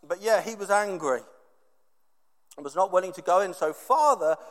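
A man preaching a sermon with emphatic repetition and dramatic pauses. His voice sits high for a man. A long reverb trails each phrase through a large hall.

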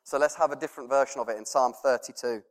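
A man's voice: medium pitch, steady tone, fast. Earnest preacher man in a reverberant hall. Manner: earnest, laughs softly, drops to a hush for prayers. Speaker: pastor. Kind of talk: sermon.

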